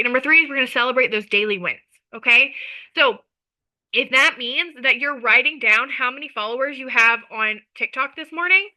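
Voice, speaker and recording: A woman with a high, very bright voice talks to her followers as a social media coach. She is emphatic and energetic. She keeps checking in with her listeners as she goes. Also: low-quality recording. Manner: energetic, emphatic, chatty with repeated "okay?". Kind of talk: motivational talk to followers.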